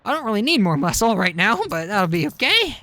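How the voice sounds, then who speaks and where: A man's voice: high-pitched, big pitch swings, a little fast, pushed and bright, no room sound. A man streaming a video game, giving casual commentary with wry joking asides.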